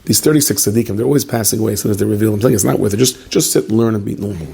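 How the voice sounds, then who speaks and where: A man's voice: on the low side, very fast, gravelly, dark tone, slightly rough. A man, a rabbi, telling a story in a sermon, chatty and full of joking asides, with Yiddish and Hebrew words mixed into his speech.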